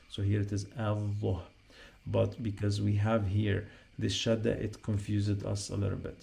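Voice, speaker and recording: Slow gravelly-voiced male teacher. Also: fairly low pitch, mellow. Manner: repeats sounds patiently, spells them out while writing. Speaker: Arabic teacher. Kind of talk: slow spoken writing lesson.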